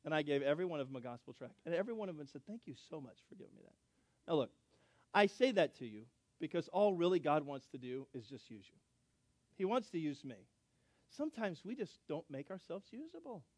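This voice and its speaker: A middle-aged pastor tells a story from the pulpit, animated and self-deprecating, acting out every line of dialogue. His voice sits a little high for a man. The sound is close and dry. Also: brisk, dry recording. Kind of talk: sermon storytelling.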